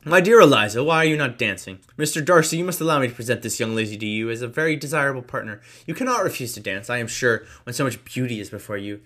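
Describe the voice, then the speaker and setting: A man reading the lines of a jovial, fawning older gentleman who flatters and gushes. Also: mid-range voice, quick pace, few pauses. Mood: effusive. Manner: effusive, flattering.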